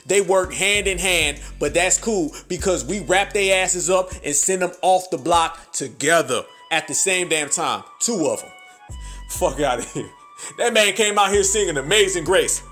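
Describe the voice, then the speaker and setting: A man's voice: high voice, measured pace, fairly bright tone, faint music behind. A man giving heated, mocking, profane political commentary.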